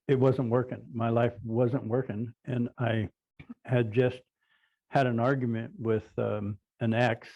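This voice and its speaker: An older man, a radio show co-host, telling a personal recovery story in a halting way, often repeating words as he recalls. The audio is slightly dull. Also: medium pitch, a little mellow.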